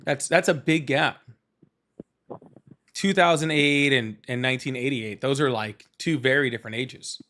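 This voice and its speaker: A man hosting a live call-in talk show, teasing callers with quick, casual jokes. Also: medium pitch, a bit bright. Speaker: host.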